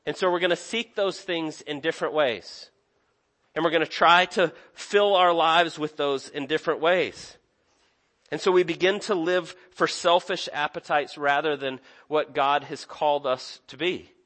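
A man's voice: a little high, normal speed, a bit bright. A young man preaching a sermon in an earnest, conversational way, often restarting his sentences. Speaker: pastor.

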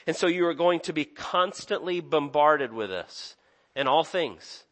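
Earnest young pastor, slightly high voice. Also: male voice, expressive, unhurried, a bit bright. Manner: earnest, conversational preaching with restarts. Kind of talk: sermon.

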